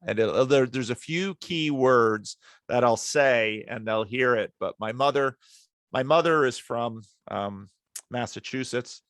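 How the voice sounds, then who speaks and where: A man's voice: medium pitch, unhurried, fairly bright tone, dry recording, studio quality. A middle-aged man from northern New Jersey, a pastor chatting casually as a podcast guest and telling easygoing anecdotes. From northern New Jersey, outside New York City.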